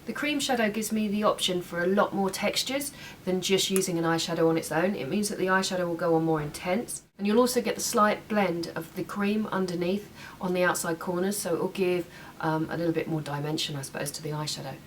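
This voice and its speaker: A young woman chats casually while doing a makeup tutorial at home, tossing in small asides as she works. Her voice is on the low side, a little fast with few pauses, and the mic is slightly distant with faint room noise.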